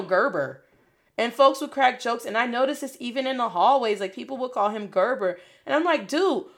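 A young adult woman, a Spanish teacher, giving a casual spoken lesson, animated and slangy, dropping Spanish phrases into her talk. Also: high voice.

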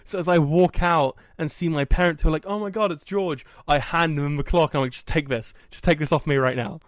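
A man hosting a podcast, telling a story in a casual, animated and self-mocking way. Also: on the high side, fairly quick, no echo. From England. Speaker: podcast host. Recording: dry, poorly set up audio.

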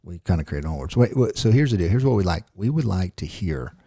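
Middle-aged ozark guy cohosting a podcast, real low mellow voice, jokey and folksy, dry close mic. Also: animated, fast talker, breathy edge, dry recording. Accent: Southern US, Ozark. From Ozark region, US. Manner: folksy, joking, restarts often. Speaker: podcast co-host. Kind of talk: casual podcast chat.

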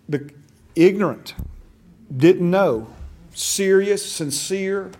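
This man's voice sits a little high and has a slightly mellow quality. Middle-aged, he leads a church discipleship class with passion, circling back over and restarting his phrases and frequently asking "okay?" to check in.

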